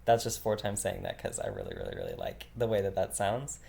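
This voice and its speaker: Gravelly-voiced man teaching casual vocabulary. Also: sits low. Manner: relaxed, chatty, repeats each word slowly, laughs often. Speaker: language teacher.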